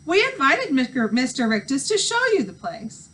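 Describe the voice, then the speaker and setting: A woman's voice: high-pitched, sing-song, moderate pace, fairly bright tone, distant mic, slight background noise, pitched above the performer's own voice. A woman voicing a cooing, soothing mother talking on the phone in a read-aloud storybook.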